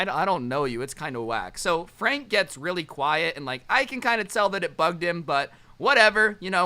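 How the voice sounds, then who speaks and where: A man's voice: on the high side, bright, forceful tone. A man telling a story in a casual vlog, with sarcastic joking asides. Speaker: storytime vlogger.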